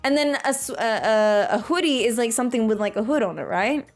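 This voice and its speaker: A fairly high-voiced woman in her thirties chats casually on a gaming stream. She reads viewer messages aloud and laughs often as she talks. Faint game music plays underneath. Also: expressive, fairly quick. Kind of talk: casual chat while gaming.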